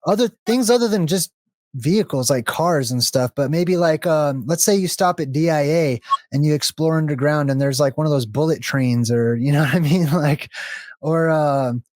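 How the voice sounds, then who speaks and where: A man's voice: fairly high pitch, normal speed, a little mellow, dry recording. Man, casual gameplay chat, rambling, thinking aloud, dry close sound, voice call mic. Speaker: co-host of a gaming video.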